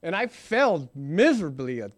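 A man's voice: a little high, sing-song, moderate pace. A man in his forties giving an earnest, emphatic recovery testimony, often checking in with "right?". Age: 40s. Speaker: recovering alcoholic sharing his story.

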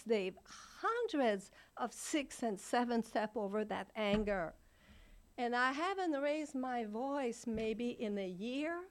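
An older woman speaking frankly at a recovery meeting, blunt and laughing often as she shares. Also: high voice.

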